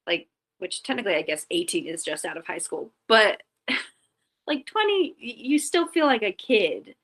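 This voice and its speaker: Chatty woman guest, lowish voice. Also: sing-song, normal speed, fairly bright tone, poor audio. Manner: chatty, full of "like" fillers and restarts; candid and reflective. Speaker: podcast guest. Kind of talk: casual storytelling in an interview.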